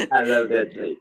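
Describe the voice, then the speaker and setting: A man learning English, chatting enthusiastically in loose phrasing over a video call. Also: medium pitch. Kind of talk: casual chat. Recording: dull lo-fi video call audio.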